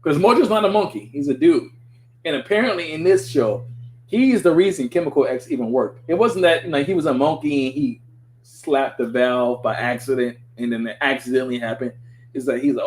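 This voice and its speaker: A man hosting a podcast, reading a script aloud and breaking off into excitable, riffing commentary. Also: mid-range voice, fairly quick. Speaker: podcast host. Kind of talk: casual chat while reading a script aloud.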